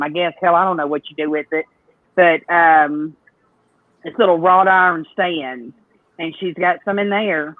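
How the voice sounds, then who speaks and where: Guy calling in, chatty and relaxed, high voice, tinny dry phone sound. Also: no echo. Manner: relaxed, chatty, brief reactions. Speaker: caller. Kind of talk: casual phone chat.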